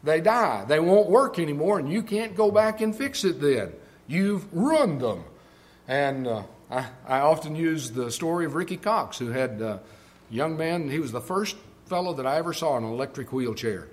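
Older man, Texan accent, preacher, higher voice, unhurried emphatic sermon delivery. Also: expressive. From Texas. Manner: conversational storytelling preaching, slowing for emphasis.

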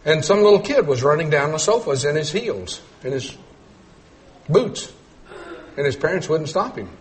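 A middle-aged man preaching a sermon, telling folksy stories and swinging between loud emphatic points and quiet low asides. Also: big pitch swings, moderate pace, a little hiss or hum. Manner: storytelling with folksy humor.

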